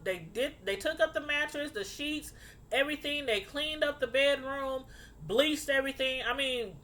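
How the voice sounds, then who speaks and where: A woman casually recounting a true crime story to her viewers, getting animated and outraged as she tells it. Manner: animated, outraged, rising high when indignant.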